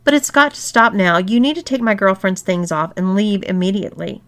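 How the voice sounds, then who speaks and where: A woman's voice: a little high, lively intonation, a little slow, a bit bright, voice pushed up. A woman voicing a drugged young man who pleads and protests in a strained, raised voice. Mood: pleading.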